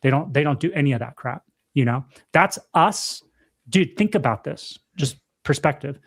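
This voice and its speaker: A man's voice: on the high side, lively intonation, moderate pace, vocal fry, breathy edge. A young man co-hosting a podcast in casual chat, talking emphatically, repeating himself and calling his friend dude and bro. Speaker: podcast co-host.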